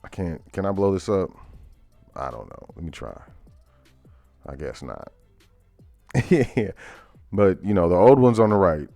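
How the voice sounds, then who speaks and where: A man's voice: deep voice, animated, a little slow, gravelly, long pauses, warm tone, no room sound, faint music behind. A man hosting a casual current-events talk show, reading headlines aloud and breaking into laughter with loose asides. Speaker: host.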